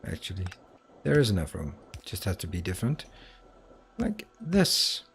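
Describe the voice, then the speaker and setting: A man's voice: low voice, wildly swooping pitch, moderate pace, vocal fry, a bit bright, husky. A game streamer talking to himself while he plays, muttering and breaking into exasperated outbursts, with a Danish accent. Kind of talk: live gameplay commentary.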